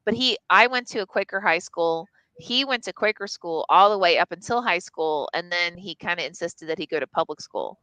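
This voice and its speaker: A woman's voice: lowish voice, a little fast, few pauses, pushed and bright, clean tone, no room sound, poor audio. A woman telling a candid personal story on a live stream, casual and profane, full of "like" and restarts. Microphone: live stream mic.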